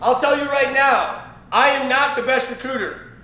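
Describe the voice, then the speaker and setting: A man's voice: very high-pitched, moderate pace, bright, forceful tone. A man giving a casual, rambling training talk on network marketing, emphatic and repetitive with many fillers and restarts. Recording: roomy echo.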